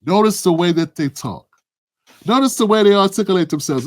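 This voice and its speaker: A man's voice: high-pitched, lively intonation, brisk. A man giving impassioned political commentary, preaching and firing off rhetorical questions at a co-host. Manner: addresses a co-host by name.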